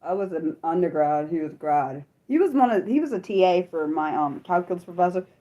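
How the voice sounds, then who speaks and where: A young adult woman chatting casually on her livestream, apologetic and self-deprecating, swearing a lot and swinging from high laughing squeals to low mutters. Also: animated, brisk, dark tone, lo-fi sound. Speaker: livestream host. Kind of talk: unscripted livestream chat with viewers.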